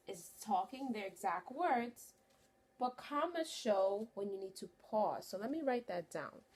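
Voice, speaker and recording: A woman teacher leads a phonics lesson for young children. She talks slowly and clearly, in a voice a little higher than most, and draws out key words to encourage the class. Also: slight background noise.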